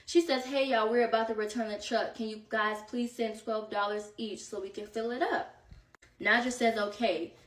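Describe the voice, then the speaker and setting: Young woman vlogger, brisk slangy storytime telling, highish voice, roomy sound from off the mic; good for a chatty gossip read. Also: distant mic. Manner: animated, slangy, quoting texts in voices. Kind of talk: casual storytime chat.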